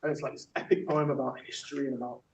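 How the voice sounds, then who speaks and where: A workshop facilitator from Yorkshire races along in a mid-range, level, slightly mellow voice, with a little hiss or hum present. He performs spoken word poetry with a punchy rhythm in a theatre workshop room and then discusses it with a group, the sound echoey, distant and dull.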